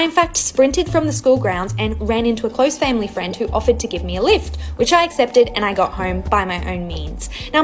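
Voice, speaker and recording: Wry woman telling a storytime. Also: a little high. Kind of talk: casual storytime.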